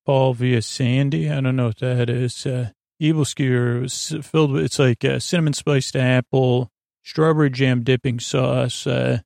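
A man hosting a sleep podcast, recapping an episode in a rambling, halting way with many fillers and restarts. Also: mid-range voice, creaky, darkish tone, dry recording, studio quality. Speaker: podcast host.

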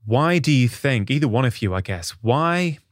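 A man's voice: mid-range voice, expressive, moderate pace, no room sound, studio quality. A man hosting a podcast interview, probing his guests with questions and restating details back to them. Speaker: podcast host. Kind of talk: conversational interview.

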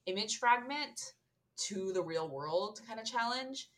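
A woman's voice: fairly high pitch, lively intonation, a little slow, fairly bright tone. A woman co-hosting a casual podcast, describing a game event in a rambling way full of "like" and "um". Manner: rambling, heavy use of "like" and "um". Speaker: podcast co-host. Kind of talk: casual podcast chat about a video game.

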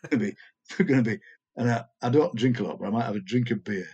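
A man's voice: medium pitch, fast, darkish tone, breathy edge, highs cut off. An older man, a poet chatting enthusiastically as an interview guest. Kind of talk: casual interview chat.

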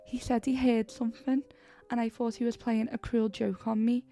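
A woman voicing a frightened teenage girl who sobs and pleads in broken, halting sentences, read in a horror story. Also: fairly high pitch, flat delivery, warm tone, soft background music, close to an everyday voice. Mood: tearful pleading.

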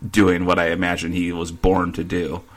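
A man's voice: low voice, monotone, normal speed. A man co-hosting a casual sports podcast, joking and riffing on absurd made-up scenarios. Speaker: podcast co-host.

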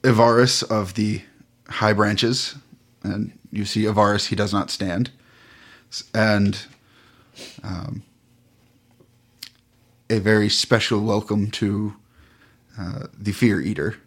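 Slow, hesitant game master man. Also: lowish voice, fairly even intonation. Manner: unhurried, halting with many fillers. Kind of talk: narrating a tabletop game.

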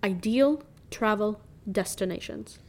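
A woman's voice: mid-range voice, a little slow, a little mellow. A young woman, a student, co-hosting a casual podcast chat, reacting with dry exasperation and laughter.

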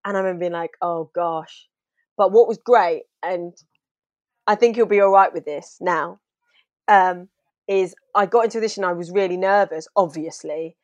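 A woman actor chatting in an interview, telling lively stories and acting out what she said back then. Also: on the low side, moderate pace, dry recording. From half Trinidadian. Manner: animated storytelling, acts out her own past lines. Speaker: actor guest. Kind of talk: casual interview chat.

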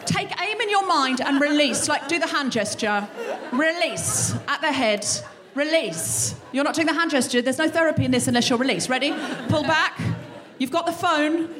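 A woman hosting a live show, delivering an animated, sweary comic monologue on stage. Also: sits high. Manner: animated, sweary, acts out quoted voices. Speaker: podcast host.

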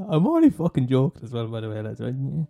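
A man with an Irish accent rambles through a casual podcast monologue, swearing freely and poking fun at his listeners and himself. His voice is very dark and mellow, sitting at an ordinary pitch. Faint guitar music plays behind him. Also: wildly swooping pitch, brisk, gravelly. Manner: swearing, laughing, teasing, self-mocking. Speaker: podcast host recommending films.

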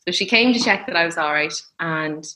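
A woman's voice: lowish voice, a little fast, bright, forceful tone. An Irish woman in her thirties telling a personal story in casual chat, laughing often and acting out what others said. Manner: chatty, laughs often, acts out quoted voices.

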